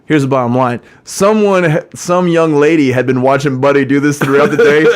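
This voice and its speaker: A man's voice: fairly high pitch, moderate pace. A man hosting a podcast, telling stories in a profane, rambling way and laughing often. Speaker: podcast host. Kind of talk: casual storytelling chat.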